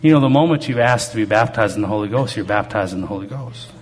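A man's voice: on the low side, fast talker, a little hiss or hum. A man preaching to a congregation, telling stories from his own life in a conversational, humorous way. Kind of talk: testimony-style sermon.

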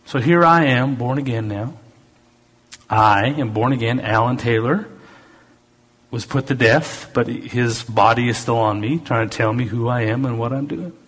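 A middle-aged to older man preaching a sermon with a Southern US accent mixed with Canadian, reading scripture with loud emphasis and dropping into quick, soft asides. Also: mid-range voice, slightly rough.

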